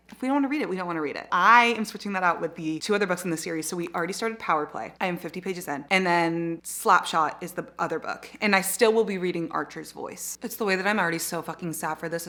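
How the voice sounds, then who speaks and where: A woman in her twenties chatting casually in a reading vlog, gushing and excitable, swearing freely. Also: on the low side. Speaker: reading vlogger.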